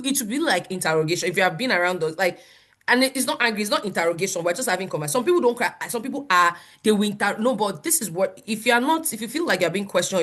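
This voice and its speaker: Animated Nigerian woman pastor. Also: lowish voice. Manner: animated, laughs often, quotes people in voices. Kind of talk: conversational teaching.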